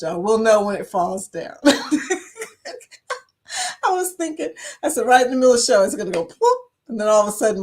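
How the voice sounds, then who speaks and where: A woman with a Southern US accent hosting a casual livestream, chatty, laughing often and greeting viewers by name. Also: medium pitch. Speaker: livestream host.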